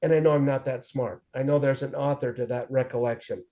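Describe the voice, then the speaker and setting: A man's voice: mid-range voice, steady tone, fairly quick, highs cut off. A man in his forties telling his recovery story in an earnest, conversational way, acting out quoted dialogue as he goes. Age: 40s.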